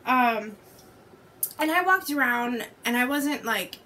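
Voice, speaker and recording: A woman's voice: fairly high pitch, expressive, slow, a loud crowd. A young woman fresh out of college, a podcast guest, chatting casually and hesitantly with many fillers. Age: young adult. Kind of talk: casual chat.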